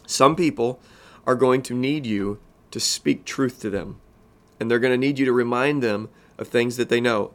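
Man, podcast host, earnest pastoral teaching, medium pitch, sincere, slows and softens for emphasis. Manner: earnest, pastoral, speaks slowly and softly at key points.

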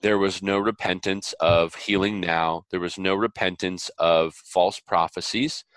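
Guy on an interview, kinda low voice, dry sound, earnest and preachy, acts out quotes. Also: fairly even intonation, unhurried, fairly bright tone, clear, resonant tone, no echo. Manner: preacherly, biblical illustrations. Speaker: interview guest. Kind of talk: conversational interview.

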